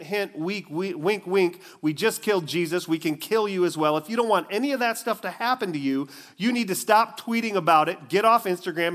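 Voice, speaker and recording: Brief: sneering bossy temple elders, loud and high, put on by a male preacher. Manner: mocking, sarcastic and bossy. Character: scornful male religious leaders, threatening.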